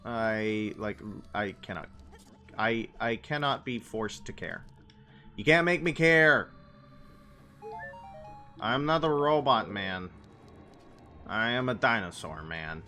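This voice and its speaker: Young male streamer, bright tone, slow unhurried delivery, rambling chat with viewers. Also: lowish voice, expressive, soft background music. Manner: meandering, answers chat messages aloud. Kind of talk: casual gaming livestream chat.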